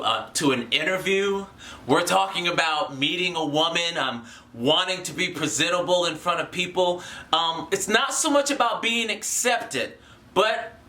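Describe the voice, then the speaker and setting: A man hosting his own vlog, giving blunt, earnest grooming advice straight to the viewer. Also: roomy sound. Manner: blunt and earnest, lively swings in pitch. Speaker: channel host. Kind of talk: direct-to-camera grooming advice.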